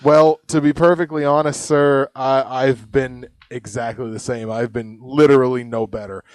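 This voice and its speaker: A man's voice: medium pitch, steady tone, normal speed, no room sound. Chatty young man, dry close sound. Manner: chatty, laughs often, rambling. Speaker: podcast co-host. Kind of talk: casual live podcast chat.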